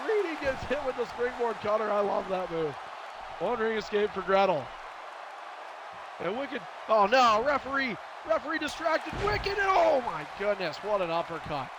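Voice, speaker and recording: A man doing excitable live play-by-play commentary of a video game wrestling match, shouting at big moves and joking between calls. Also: high-pitched, normal speed, over a noisy crowd, heavy background noise.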